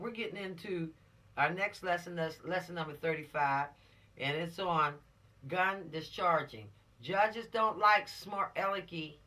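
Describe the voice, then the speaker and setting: A man's voice: fairly high pitch, bright, forceful tone, far from the mic. Emphatic man lecturing teens. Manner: emphatic, preachy, repeats points to drive them home. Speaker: law instructor for teens. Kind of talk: informal spoken lesson.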